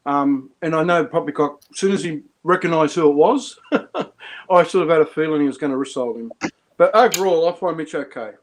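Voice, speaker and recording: A man talking casually as a stream guest, voice sitting a little high. He rambles, restarts his sentences and chuckles as he goes. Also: brisk. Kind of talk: casual chat.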